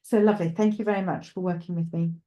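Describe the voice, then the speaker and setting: A woman's voice: fairly low pitch, fairly even intonation, quick pace, warm tone, dull audio. A woman with a Welsh accent presenting live psychic readings, talking reassuringly and chattily to a caller.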